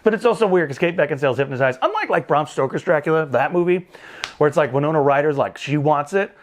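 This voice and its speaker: A man's voice: on the high side, lively intonation, fast. A man hosting a casual movie review show, recapping the plot with jokes, exasperated asides and casual swearing.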